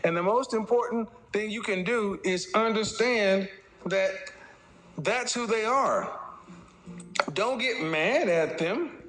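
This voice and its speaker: A high-pitched, fairly bright male voice belongs to a dating commentator giving an offhand opinion piece. He lectures his audience directly in a mocking tone and breaks into quick impressions.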